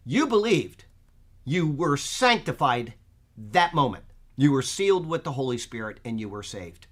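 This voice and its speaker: A man teaching an informal Bible study who thinks aloud with fillers and often checks in with his listeners. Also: on the high side.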